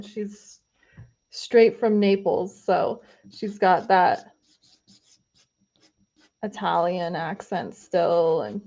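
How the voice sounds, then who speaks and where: Casting: woman, mid-pitch, relaxed live-stream host chatting while painting, slightly dull lo-fi audio. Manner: chatty, loose, many fillers, reading viewer comments.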